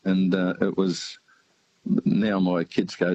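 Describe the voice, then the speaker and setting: A very deep-voiced older man speaks over a dull, muffled line. His voice is husky, and he talks in a loose, rambling way, full of fillers and restarts, like a caller chatting on the radio. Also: completely flat delivery, takes it slowly, a little mellow, no echo. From New Zealand. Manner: hesitant, many fillers and restarts, chatty storyteller. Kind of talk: casual radio call-in chat.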